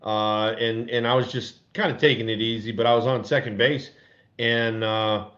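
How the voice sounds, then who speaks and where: Older man, former ballplayer, animated storyteller, dull lo-fi sound. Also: medium pitch, moderate pace. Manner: animated, acts out quotes in a raised voice. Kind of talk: casual podcast storytelling. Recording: dull lo-fi audio.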